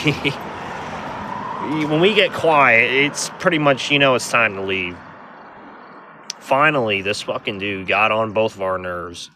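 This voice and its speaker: A middle-aged man telling a bar story in a casual, rambling way, rough and full of profanity. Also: fairly low pitch, sharp tone, a little hiss or hum.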